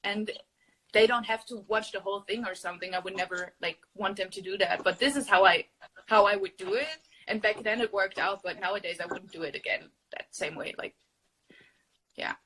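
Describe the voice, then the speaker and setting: A young woman hosting a casual phone livestream from her room at home, chatty and animated, often laughing. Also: poor audio. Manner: giggly, animated, talks to her cat in a high voice. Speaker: livestream host.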